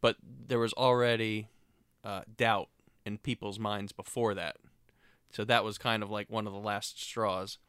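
A man's voice: on the low side, steady tone, a little slow, fairly bright tone, clear, resonant tone, no echo. A man co-hosting a casual podcast, telling stories and tossing in dry, matter-of-fact quips. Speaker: podcast co-host. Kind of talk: casual chat.

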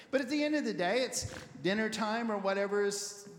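A male pastor giving a conversational sermon as an animated storyteller who repeats words while he thinks. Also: high-pitched, moderate pace, hardly any pauses, slight background noise. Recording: echoey hall with long reverb.

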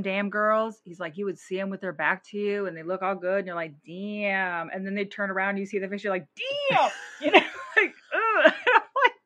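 A woman co-hosting a podcast in casual chat, blunt and animated, laughing often and swearing freely. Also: medium pitch. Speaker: podcast co-host.

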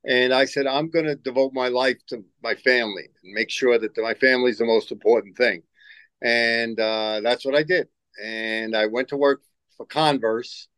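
An older man who once coached basketball rambles through stories in an interview, repeating words and acting out what people said. His medium-pitched voice has fairly even intonation, normal speed, and a fairly bright, clear, resonant tone. The recording is rough but has no echo.

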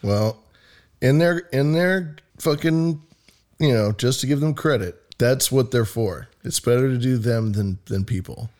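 A man's voice: mid-range voice, unhurried, a little mellow. Man host, jokey and profane. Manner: jokey, swears freely, laughs often. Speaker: podcast host. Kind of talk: casual chat, reading news aloud.

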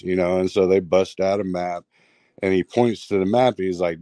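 A man's voice: low voice, normal speed, clear, resonant tone, no room sound. A man telling a strange story in a rambling, casual way, full of fillers and restarts. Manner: rambling, filler-heavy, animated retelling. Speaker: guest storyteller.

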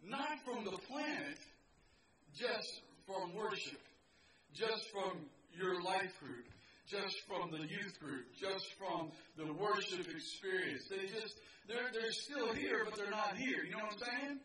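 Pastor, male, high-pitched voice, easygoing sermon, outdoor park picnic, picked up from a distance over crowd chatter. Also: lively intonation, slow. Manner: conversational, joking asides to the crowd. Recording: distant mic with crowd noise.

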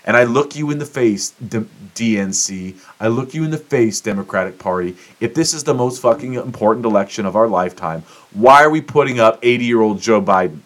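A man's voice: on the low side, brisk, hardly any pauses. A man hosting a solo podcast, ranting in a fired-up, profane way about sports and politics. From United States. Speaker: podcast host. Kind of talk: solo opinion monologue.

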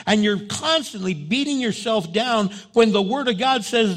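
A man preaching a sermon with passion, rising loud as he urges his listeners and acting out the things people say to themselves. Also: expressive, moderate pace, hardly any pauses. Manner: impassioned, voice drops low and soft in prayer, rises loud when exhorting; acts out inner voices and quoted prayers. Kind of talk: sermon with spoken prayer.

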